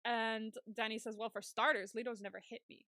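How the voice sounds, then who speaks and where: A woman co-hosting a podcast, retelling a TV episode in casual chat and putting on quick voices for the characters she quotes. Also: fairly high pitch, little pitch movement, pushed and bright, no echo, studio quality. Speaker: podcast co-host.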